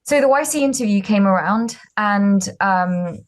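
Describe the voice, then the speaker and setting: A woman's voice: mid-range voice, expressive, measured pace. A young woman tells her startup story in an interview. She talks in a chatty, self-deprecating way, with plenty of ums and likes as she goes. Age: 20s. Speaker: startup founder, guest.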